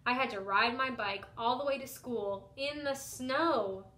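A young adult woman, a teacher, reading a picture book aloud to children in an expressive first-person style. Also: a little high, measured pace. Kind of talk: storybook read-aloud for children. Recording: roomy echo.

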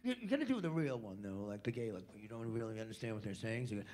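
A man's voice: fairly low pitch, animated, rapid-fire, a little mellow. A man, a bandleader and sidekick, bantering and chiming in with laughs. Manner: bouncy sidekick, chimes in and laughs. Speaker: bandleader and co-host.

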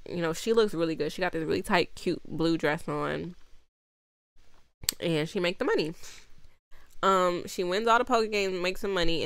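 A woman's voice: on the low side, no echo. A woman giving a casual, rambling movie recap, exasperated and often laughing, acting out the characters' lines as she goes. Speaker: movie reviewer.

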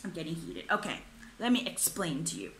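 A woman's voice: sits low, sing-song, brisk, a bit bright, a little hiss or hum. A young woman, ranting through a book review, exasperated and swearing, with lots of fillers. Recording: echoey room.

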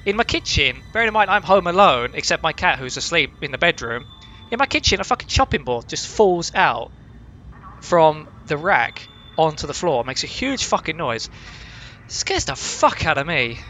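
Excitable, swearing male gamer. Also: on the high side, normal speed, slight background noise. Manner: excitable, heavily profane, jumpy. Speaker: gaming channel host. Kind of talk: casual let's-play commentary. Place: at home.

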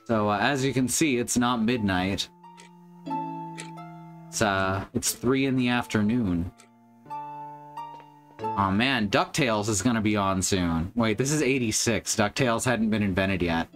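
A man's voice: lowish voice, unhurried, pauses often, music in the background. A man streaming a video game live, chatting to viewers with casual, wry commentary.

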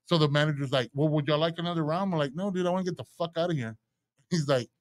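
Casting: man, podcast co-host, crude lively storyteller, slightly high voice, dry mic. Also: quick pace, no room sound. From San Antonio, Texas. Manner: profane, animated storyteller doing quoted voices. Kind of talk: casual storytelling chat.

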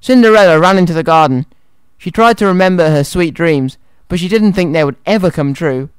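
A man's voice: on the high side, brisk, clean tone, no room sound. A man presenting a children's radio show and reading a story aloud in a cheerful, friendly way, in a studio. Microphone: studio microphone.

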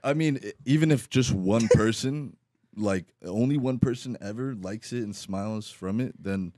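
A man's voice: lowish voice, normal speed, mellow, no room sound, clean studio sound. A man chatting casually as a podcast guest, rambling with lots of fillers and a laid-back manner.

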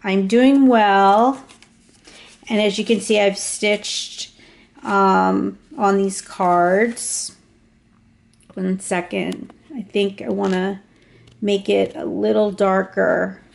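Slow, gravelly-voiced woman showing a journal. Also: mid-range voice, steady tone. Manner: unhurried, many fillers and small restarts. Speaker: craft vlogger. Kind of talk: casual show-and-tell narration.

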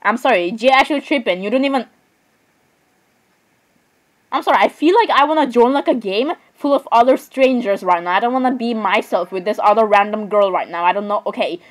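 Young woman, gamer, excitable casual commentary, fairly high voice. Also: fairly quick, poor audio. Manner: chatty, excitable, keeps saying "I'm sorry" and "literally".

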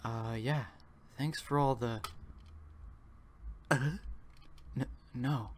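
A man's voice: medium pitch, steady tone, very slow, slight background noise. A man voicing a weary, grumpy young male protagonist who mumbles his lines. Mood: awkward.

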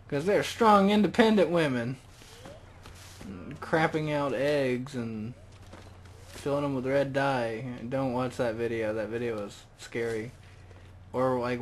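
A young man casually commentating a video game, rambling and joking, excited. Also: mid-range voice, slight background noise. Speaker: gaming video host. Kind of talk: casual let's-play commentary.

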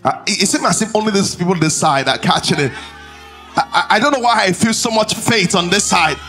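A man's voice: sits high, a little fast, over music. A male pastor preaching a sermon in a church service, calling for responses from the congregation and repeating phrases for emphasis.

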